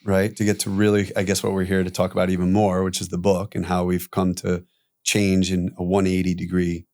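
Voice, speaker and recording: A man guest on a podcast telling his own story candidly, animated, acting out quoted voices and swearing casually. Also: deep voice, fairly quick.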